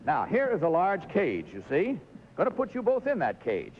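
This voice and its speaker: A man's voice: sits high, wildly swooping pitch, normal speed. A man hosting a live studio game show, jovially coaxing contestants through stunts in an old 1950s TV recording. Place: television studio with audience. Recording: dull lo-fi 1950s TV recording, faint hiss.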